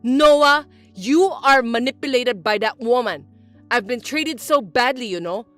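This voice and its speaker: A woman's voice: high voice, sing-song, moderate pace, a bit bright, soft background music. A woman voicing a domineering mother-in-law who talks in an indignant, accusing, whiny way. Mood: whining. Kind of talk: scripted story voice-acting.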